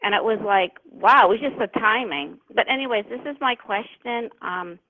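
A woman calls into a radio show over a thin, tinny phone line. She chats easily, her pitch at a middle level, and fills her pauses with ums. She sounds like an ordinary listener on the line. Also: a little hiss or hum. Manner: chatty, hesitant with frequent ums. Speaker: radio caller. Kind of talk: casual phone-in chat.

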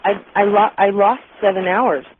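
A woman from New Mexico calling into a radio show, telling a story haltingly with ums. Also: medium pitch, fairly even intonation, a little hiss or hum. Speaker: caller. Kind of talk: phone-in call. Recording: tinny phone line.

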